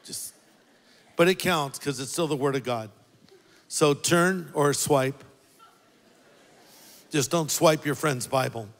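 A man's voice: slow, long pauses. Man, pastor, sermon, conversational preaching, long hall reverb. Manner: conversational preaching, dropping low for quoted words and rising for emphasis. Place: large church auditorium.

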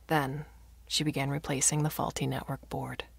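A woman reads a story aloud with expressive, wry narration. Her voice is low and noticeably gravelly. The recording is dry and close to the mic. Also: normal speed, dry recording.

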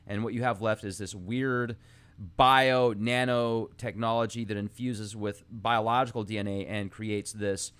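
A man's voice: mid-range voice, a bit bright, clean tone. A man hosting a podcast, musing aloud in a rambling, casual monologue with asides, reading old texts aloud between his thoughts. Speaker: podcast host.

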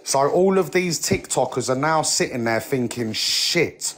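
A man's voice: mid-range voice, lively intonation, moderate pace, slight background noise. A young man venting angrily on a live stream, swearing and leaning on "mate" and "like". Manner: heated, swearing, repeats "mate" and "like". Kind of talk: angry rant on a live stream.

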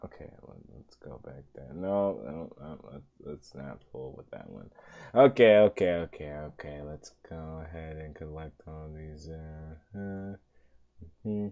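A man narrating his gameplay in a mellow, unhurried voice that swings widely in pitch. He keeps coaxing and pleading with the game, repeating himself, and his voice jumps high when he gets exasperated. The recording is dull and lo-fi. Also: animated, gravelly. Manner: talks to the game, pleading and coaxing with lots of repetition; exasperated outbursts, voice jumping high when upset. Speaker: gaming channel host. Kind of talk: let's play game commentary.

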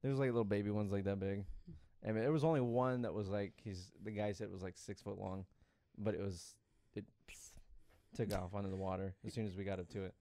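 A man's voice: on the low side, fairly even intonation, brisk, dark tone. A young man telling stories in a casual comedy podcast chat, laid-back and giggly. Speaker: podcast co-host.

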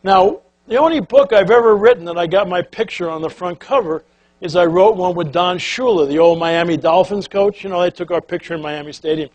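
Older male speaker, high-pitched, folksy and lively, acts out the characters in his stories. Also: fairly quick. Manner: animated, folksy, acts out quotes and quacking sounds. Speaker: keynote speaker. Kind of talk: storytelling speech to an audience.

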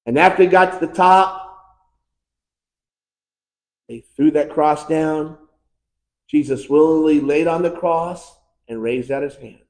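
An American pastor preaching a fervent sermon, swinging between shouted climaxes and hushed, quiet lines. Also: male voice, fairly high pitch, a little slow, pauses often. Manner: impassioned preaching, building to shouts and dropping to hushed tones. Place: church sanctuary. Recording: echoey church room.

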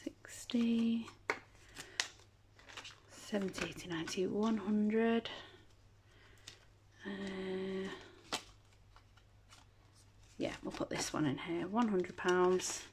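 A woman chatting casually at home as a budgeting vlogger, counting banknotes aloud in a steady patter. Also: medium pitch, slow pace, background noise. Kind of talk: casual chat while counting cash.

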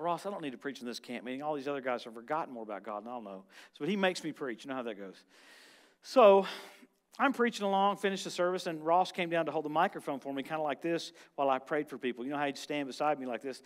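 A guest preacher with a somewhat high voice delivers a lively, animated sermon. He leaps between loud, excited bursts and quieter, low-key asides.

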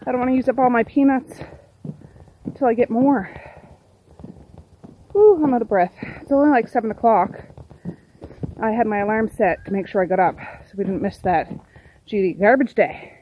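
A chatty middle-aged woman from Nova Scotia rambles through her day for her vlog, now and then talking to her pets and the birds. Her voice is mellow and warm. Faint noise sits behind her. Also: on the high side, moderate pace, long pauses, rough recording. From Nova Scotia, Canada. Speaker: vlogger. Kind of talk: casual day-in-the-life vlog.

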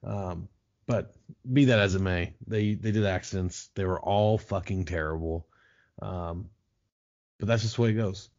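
A man's voice: deep voice, unhurried, a little mellow, muffled recording. A man talking as a podcast guest, riffing in a profane, sarcastic way in casual chat.

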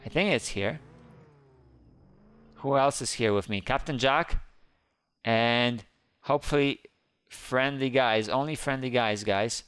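A man giving excited, playful game commentary who squeals up high whenever he panics. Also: takes it slowly, pauses often, clear, resonant tone, no room sound. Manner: squeals high when panicked, playful kid-friendly banter. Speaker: gaming YouTuber.

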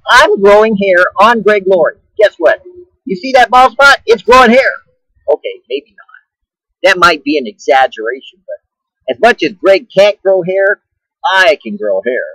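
Man, middle-aged, joking christian vlogger, husky voice, lively pitch, dry sound. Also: no echo, low-quality recording. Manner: joking, laughs often, playful wordplay. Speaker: Christian video blogger. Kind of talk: casual preaching vlog. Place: outdoors at a rest stop.

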